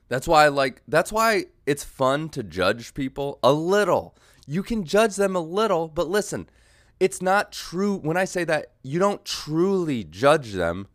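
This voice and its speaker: A man hosting a solo podcast, rambling through a comedic monologue, losing his train of thought and jumping into yelled mock voices. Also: on the high side, dry recording, studio quality. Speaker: podcast host.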